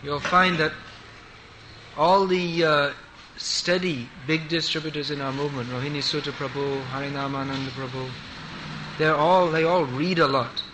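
A man's voice: a little high, fairly even intonation, normal speed, noisy background. A man giving a sermon, telling stories with emphatic repetition. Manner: emphatic storytelling, repeats for stress. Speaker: preacher.

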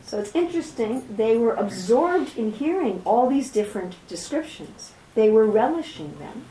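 Middle-aged woman teaching a scripture class, slow and distinct, roomy echo. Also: fairly high pitch, lively intonation, dark tone, a little hiss or hum. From New York City. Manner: slow, deliberate, very distinct speech. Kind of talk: reading and explaining scripture to a class. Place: room with a small class.

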